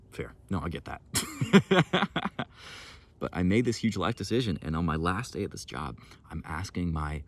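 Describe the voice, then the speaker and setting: A man in his twenties telling a story to camera outdoors at sunrise in a laid-back, profane, casual vlog style, calling the viewer "bro". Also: deep voice. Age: 20s. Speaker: vlogger.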